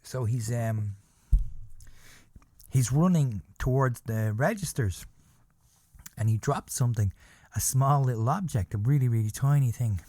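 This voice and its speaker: A man's voice: medium pitch, unhurried, long pauses, mellow, no echo, clean studio sound. A man hosting a podcast, telling a story in a rambling, profane, self-deprecating way. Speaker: podcast host. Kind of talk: casual storytelling. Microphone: podcast microphone.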